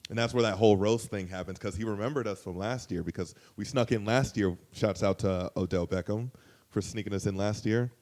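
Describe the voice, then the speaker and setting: A man spinning a casual anecdote, loose and profane. He keeps the story moving with fillers and asides. When he acts out what others said, his voice leaps up in pitch and volume. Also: a little fast. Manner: animated, profane, jumps to high loud pitch when quoting others. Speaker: guest storyteller.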